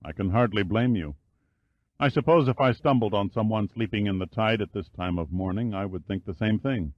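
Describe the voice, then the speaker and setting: A man voicing a wry, gentle-voiced hero, low and dry. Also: brisk, muffled recording, natural voice. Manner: gentle, teasing, low-key. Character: confident adult man, dry-humored and forward.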